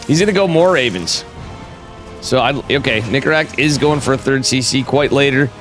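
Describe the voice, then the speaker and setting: Man with a cold, live game caster, casual and chatty, middle-pitched voice, faint music underneath. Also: animated, moderate pace, a bit bright. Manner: casual, chatty, talks to viewers, jokey asides. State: has a cold. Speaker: esports caster. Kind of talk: solo live game commentary.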